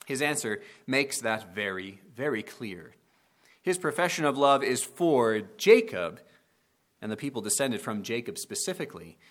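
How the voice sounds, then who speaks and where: A man preaching a sermon on a scripture passage, earnest and slowing down to dwell on the quoted verses. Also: medium pitch, sharp tone.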